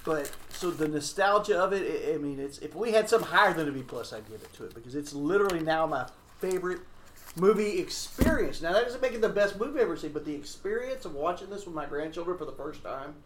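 A man's voice: fairly high pitch, lively intonation, fast talker. An older man co-hosting a casual podcast, laughing often and chiming in with short agreements. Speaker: podcast co-host. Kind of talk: casual chat. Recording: echoey room with faint noise.

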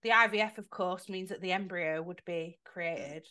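A woman, co-hosting a casual soap opera chat, lively and laughing easily. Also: fairly low pitch, normal speed. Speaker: podcast co-host.

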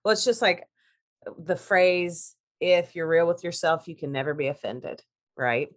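A woman co-hosting a podcast in casual chat, animated and laughing often, restarting her sentences as she goes. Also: fairly low pitch, measured pace.

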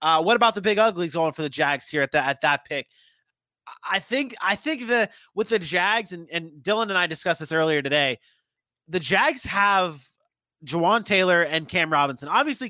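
A man's voice: high voice, pushed and bright, no room sound. A man co-hosting a casual sports podcast, chatty and thinking aloud with frequent restarts.

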